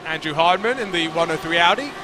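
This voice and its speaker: A man's voice: a little high, quick pace. A man commentating a sim racing broadcast, joking with his co-host as he calls the action. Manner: lively, joking banter with co-host. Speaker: race commentator. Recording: background race car noise.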